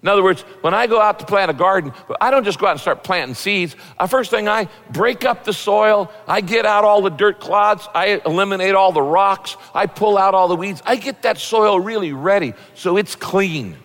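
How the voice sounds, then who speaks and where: A pastor preaching a sermon in a relaxed, folksy, conversational way, acting out little quotes as he goes. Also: high-pitched, normal speed, hardly any pauses, in a large hall.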